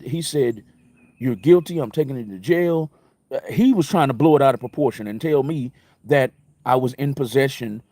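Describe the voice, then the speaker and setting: Emphatic storytelling man, dry close mic. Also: no room sound. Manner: conversational storytelling with repeated phrases and emphatic jumps in pitch. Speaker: internet radio talk host. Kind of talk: casual live-stream monologue.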